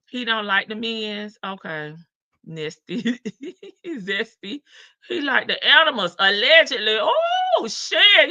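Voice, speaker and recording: A woman's voice: medium pitch, bright, forceful tone, no room sound, low-quality recording. Sassy woman hosting a livestream, laughing. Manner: sassy, laughing, talks to chat. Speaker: livestream host. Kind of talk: casual commentary livestream.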